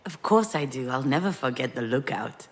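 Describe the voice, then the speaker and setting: A woman's voice: extremely low pitch, lively intonation, normal speed. An actress playing a mother who recalls a family memory in an intimate, storytelling manner for a game. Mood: worried. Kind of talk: game voice acting.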